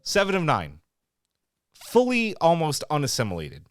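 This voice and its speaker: A man co-hosting a review podcast, talking in a loose, heated way and swearing often. His pitch swings widely as he gets worked up. The sound is dry and close, with no room echo. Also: normal speed. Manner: animated, swears freely, ranting. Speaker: podcast co-host. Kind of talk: casual review chat.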